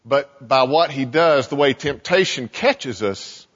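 A man's voice: medium pitch, normal speed, hardly any pauses, breathy edge. A male pastor giving a sermon in a church sanctuary, talking conversationally and often repeating words as he starts sentences. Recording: echoey hall, dull sound.

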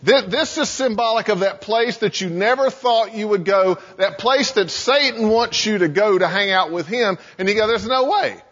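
A man's voice: sits high, normal speed, hardly any pauses, fairly bright tone. A male pastor giving a sermon in a church sanctuary, talking conversationally and often repeating words as he starts sentences. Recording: echoey hall, dull sound.

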